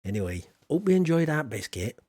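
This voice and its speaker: With a slightly high, darkish, slightly rough voice that swings widely in pitch, a Yorkshire-born man with a southern English accent chats briskly to his viewers. It's a playful, casual gaming stream of a farming game, recorded with no room sound.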